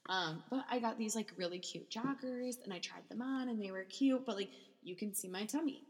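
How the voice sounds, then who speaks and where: A woman's voice: mid-range voice, brisk, slightly rough, big-room sound. A young woman hosting a candid solo podcast from a basement office, emotional and rambling, close to tears, with many restarts and fillers. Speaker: podcast host.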